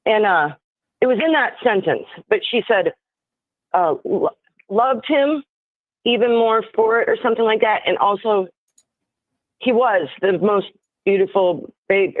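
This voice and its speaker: A woman's voice: medium pitch, a little slow, long pauses, no room sound. A woman calling into a live show, chatting casually and rambling through theories with lots of fillers and restarts. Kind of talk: casual speculative chat. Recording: tinny phone line.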